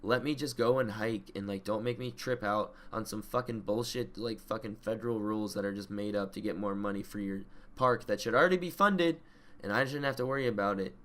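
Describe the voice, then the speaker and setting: A man's voice: lowish voice, fairly quick, a bit bright. A young man co-hosting a casual podcast, ranting profanely and getting worked up as he talks. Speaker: podcast co-host. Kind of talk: casual chat.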